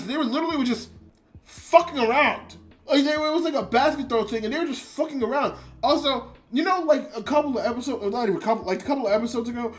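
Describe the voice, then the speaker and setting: Animated, rambling, foul-mouthed anime reviewer. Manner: rambling, with many restarts and frequent swearing; excitable, jumps between high and low. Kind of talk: casual spoken review on a livestream.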